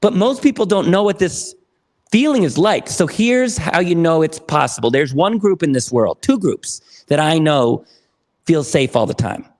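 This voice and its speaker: A man guesting on a podcast, telling a client story with energetic enthusiasm and acting out the dialogue. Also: a little high, normal speed. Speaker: podcast guest, therapy program founder. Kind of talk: animated storytelling.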